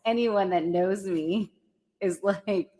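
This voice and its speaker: A woman telling a dating story on a podcast, chatty and animated, saying "like" and "right?" a lot. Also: medium pitch, slow, in a large hall. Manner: animated, heavy use of "like" and "right?". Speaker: guest storyteller.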